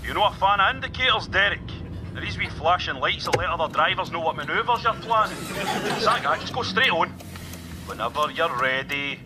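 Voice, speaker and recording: A man's voice: on the high side, heavy background noise, voice pushed down. A man voicing a sarcastic, exasperated Scottish dad as a car's sat-nav, with a Scottish accent.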